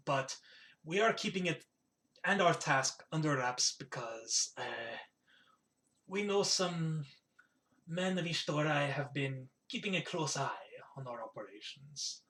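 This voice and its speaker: Genial bearded village chief with wares to sell, played by a man, fairly high voice. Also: lively intonation, unhurried, fairly bright tone. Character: bearded male village leader hawking wares.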